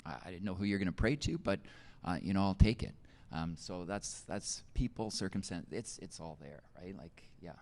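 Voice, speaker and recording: Deep-voiced man sharing a personal story. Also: animated, normal speed, few pauses, a little mellow. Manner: conversational, many fillers and restarts. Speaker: teacher. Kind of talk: personal testimony in an interview.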